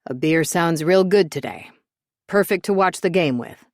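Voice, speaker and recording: An easygoing, fatherly older man , as a woman narrator puts him on, talks in a relaxed, folksy way. The voice is low and recorded close and dry. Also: moderate pace, dry recording, natural voice.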